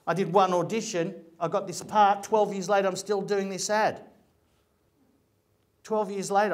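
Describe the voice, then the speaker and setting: Man, middle-aged, slightly high voice, casual storytelling, rambling with restarts. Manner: chatty, rambling, with frequent restarts. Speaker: actor giving a talk.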